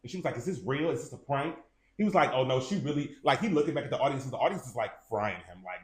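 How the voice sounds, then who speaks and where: A man's voice: medium pitch, sing-song, fast. A man co-hosting a casual gossip show, talking animatedly and acting out what people said in raised voices. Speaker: co-host. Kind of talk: casual celebrity gossip chat.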